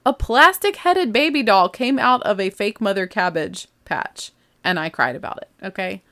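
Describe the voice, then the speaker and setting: Brief: woman, thirties, mother type, casual chatty storyteller, mid-range voice, lively and amused delivery. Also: mid-range voice, normal speed. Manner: animated, chatty, laughs while telling.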